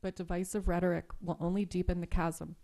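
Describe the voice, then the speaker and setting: Mellow-voiced woman giving measured remarks. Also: on the low side, level tone, vocal fry. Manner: measured, deliberate phrasing. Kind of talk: formal closing remarks. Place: public meeting room.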